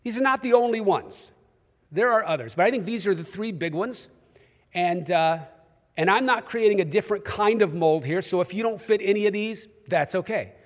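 A man's voice: high voice, moderate pace, big-room sound. A man with a New York accent preaching a sermon in a church, with humorous, conversational storytelling. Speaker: pastor. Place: church auditorium.

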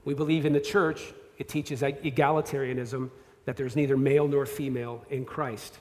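A man's voice: mid-range voice, level tone, moderate pace. A man in his thirties, a pastor, preaching a conversational, self-deprecating sermon with asides and restarts. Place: church sanctuary. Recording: long hall reverb.

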